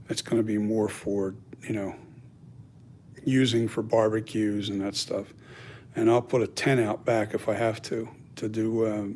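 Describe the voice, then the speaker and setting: A man's voice: lowish voice, darkish tone, a little hiss or hum. A man who makes costumes and masks, talking casually in a workshop vlog, thinking aloud and rambling with lots of fillers. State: has the hiccups. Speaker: costume and mask maker.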